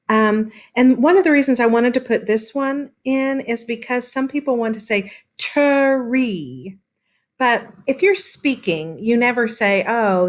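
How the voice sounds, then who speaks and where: A woman teacher talks through a lesson in a slow, unhurried way. She stretches out words as she sounds them out and says "um" often. Her voice sits at a middle pitch. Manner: slow, patient explaining with drawn-out sounding of words; frequent filler "um". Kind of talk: classroom lesson on syllables.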